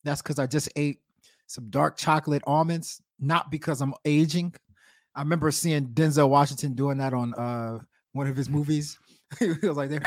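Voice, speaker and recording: A man's voice: fairly high pitch, no echo, studio quality. Teasing sarcastic man podcast co-host. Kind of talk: casual chat.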